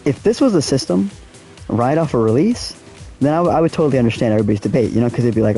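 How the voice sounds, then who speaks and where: A man's voice: mid-range voice, sing-song, fast talker, mellow, faint music behind. A young man casually talking to his viewers in slangy speech while he plays a racing game. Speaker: gaming streamer. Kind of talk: casual live-stream commentary.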